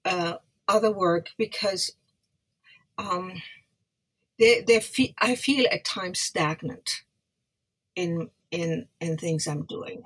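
A woman's voice: mid-range voice, breathy edge, poor audio. An older woman, a guest instrument restorer, speaking hesitantly and searching for words. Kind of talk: casual interview chat.

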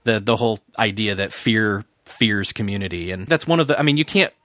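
A man hosting a podcast in casual conversation, halting and repeating words as he searches for his point. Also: lowish voice, a bit bright, dry recording, clean studio sound. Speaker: podcast host.

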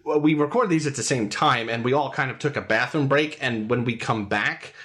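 An American man hosting a podcast, bantering and joking in quick, lively casual chat. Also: medium pitch. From United States. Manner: jokey, animated, quick banter. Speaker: podcast host.

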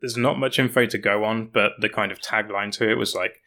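A man's voice: on the low side, steady tone, fairly quick, bright, forceful tone. A man co-hosting a casual gaming podcast, chatty and restarting words as he recalls details. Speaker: podcast co-host and news writer.

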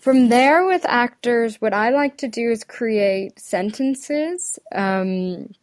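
In a casual interview, a dialect coach thinks out loud and laughs between phrases. Her voice is a little high and expressive, she takes her time, and the recording is clean studio sound with no echo.

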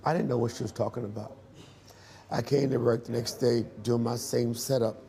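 Gravelly guy telling his life story, dark voice, acts out the dialogue. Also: medium pitch, moderate pace. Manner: animated storyteller acting out dialogue. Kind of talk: storytelling interview.

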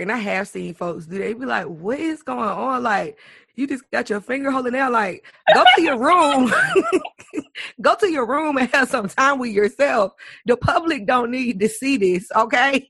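Young woman co-host, gravelly and husky, bright tone, giggly casual storyteller. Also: a little high, dry recording. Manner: laughs often, drawn-out playful storytelling. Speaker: podcast co-host. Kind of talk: casual chat.

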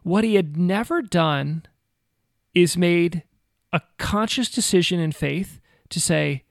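A man in his forties, a former missionary, telling a personal story in a casual, animated way with self-mocking asides. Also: high voice, takes it slowly, creaky, no echo, studio quality.

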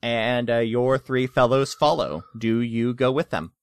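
A man's voice: mid-range voice, clear, resonant tone, no room sound, studio quality. Man narrating as game master. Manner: thoughtful, pauses with fillers.

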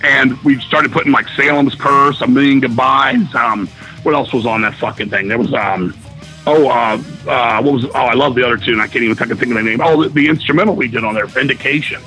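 A middle-aged man, a guest musician, telling stories in a casual interview, swearing often and talking excitedly. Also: mid-range voice, a little fast, faint music behind, rough recording. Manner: profane, excited storyteller.

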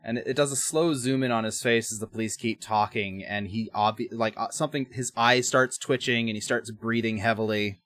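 A man's voice: lowish voice, fairly even intonation, fairly quick, few pauses, fairly bright tone, no echo. A man co-hosting a podcast, recapping an episode in casual chat, rambling with restarts and wry asides. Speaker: podcast co-host.

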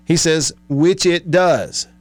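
A man's voice: on the high side, takes it slowly, dry recording. A man hosting a sports radio show in a studio, chatting casually, reading listener texts and laughing often. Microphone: studio microphone.

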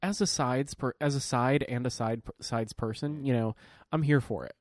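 Man, mid-pitched voice, dry sound; casual podcast co-host with teasing, profane comebacks. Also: moderate pace, a little mellow, dry recording. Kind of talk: casual chat.

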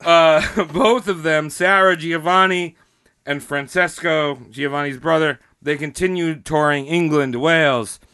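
A man's voice: on the high side, fairly even intonation, a little slow, sharp tone, clean tone, dry recording, studio quality. A man hosting a podcast, telling a history story in a rambling, joking way, often laughing, a little tipsy. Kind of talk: casual comedic storytelling.

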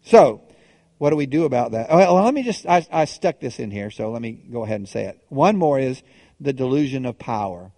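A man's voice: mid-range voice, animated, a little fast, warm tone, no room sound, in a large hall. A male pastor preaching a sermon in a conversational way, asking the congregation questions and often restarting his sentences.

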